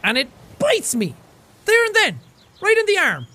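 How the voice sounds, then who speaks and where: A man voicing an anxious, dramatic young woman stranded in a car as he reads game dialogue aloud, in a high, swooping, overwrought tone. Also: big pitch swings, unhurried, a bit bright, full character voice.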